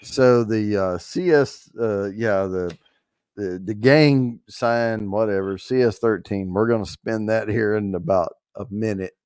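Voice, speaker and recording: A man hosts a casual livestream at an unhurried, drawn-out pace. He jokes loosely and swears mildly as he fumbles with the giveaway screen. The sound is dry and close, with no room behind him. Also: fairly low pitch, a little mellow, smooth, no room sound. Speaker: show host running a prize giveaway.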